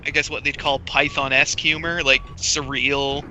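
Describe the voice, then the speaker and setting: A man's voice: medium pitch, little pitch movement, moderate pace, pushed and bright, slight background noise, rough recording. A man co-hosting a casual gaming stream, chatty and amused as he talks about comedy. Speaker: co-host. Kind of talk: casual gaming commentary chat.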